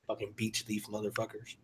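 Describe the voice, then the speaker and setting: A show host with a lowish, slightly rough voice tells loose, profane stories in casual chat. He swears freely and laughs often.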